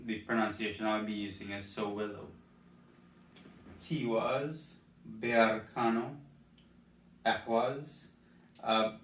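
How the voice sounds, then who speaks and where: A man giving a casual spoken tutorial on pronouncing old words, enunciating each one slowly and carefully. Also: lowish voice, fairly bright tone. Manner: slow, careful enunciation of each word, with light self-deprecating asides. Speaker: rune pronunciation guide creator. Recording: roomy echo, distant from the mic, faint background hiss.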